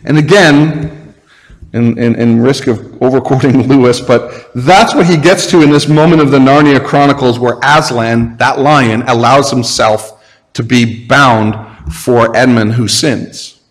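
A man's voice: mid-range voice, measured pace, in a large hall, rough recording. A male pastor preaching a sermon, earnest and emphatic, with rhetorical questions.

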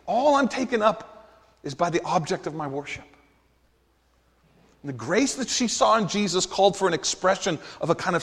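A man's voice: high voice, slightly rough. A man preaching a sermon as pastor, earnest and emphatic, asking the congregation rhetorical questions. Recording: long hall reverb.

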